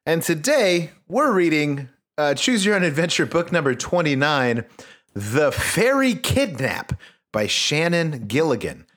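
A man hosting a comedic book-reading podcast with a lively, swinging delivery. He jokes freely and lets his asides drop into quiet mumbles. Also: a little high, moderate pace. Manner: animated, joking, drops to mumbled asides. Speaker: podcast host.

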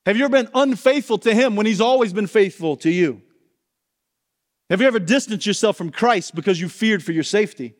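High-voiced pastor in a reverberant hall. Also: male voice, animated, a little fast. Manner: earnest, questioning the listeners directly. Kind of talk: sermon.

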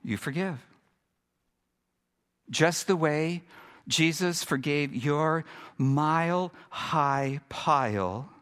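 Bright-voiced preacher. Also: male voice, mid-range voice. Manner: dynamic preaching, swinging from emphatic to hushed. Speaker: pastor. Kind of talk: sermon.

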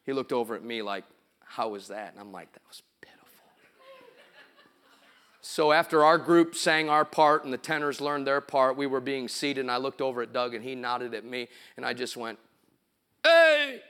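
A man's voice: medium pitch, fairly even intonation, brisk, few pauses, fairly bright tone, clear, resonant tone. A middle-aged man, a pastor, preaching a sermon in a church. He tells stories, acts out sounds and quotes, and builds to emphatic preaching. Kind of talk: sermon with storytelling. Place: church sanctuary.

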